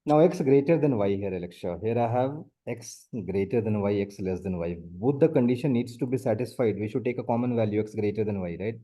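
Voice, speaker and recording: A man with a low, dark-toned voice tutors math one on one, speaking a little fast with few pauses. He explains step by step, repeats his points, and often says the student's name.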